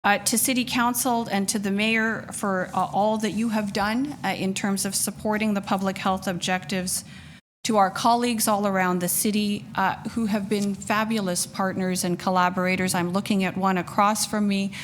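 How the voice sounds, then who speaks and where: A woman's voice: medium pitch, steady tone, normal speed, a little hiss or hum. Emotional woman giving formal thanks. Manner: emotional, thankful, many fillers. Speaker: public health official. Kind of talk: formal remarks at a council meeting.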